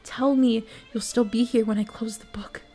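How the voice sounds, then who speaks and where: A woman voicing a weak, dying young man in a storybook reading, pleading softly. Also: medium pitch, flat delivery, normal speed, faint music behind, close to an everyday voice.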